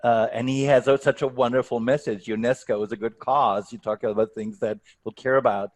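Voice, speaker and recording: A man's voice: mid-range voice, fairly even intonation, fairly quick. A man coaching on a video call, giving earnest advice and often restarting his sentences. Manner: earnest, stumbling restarts, leaning on key words. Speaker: speaking coach, workshop guest.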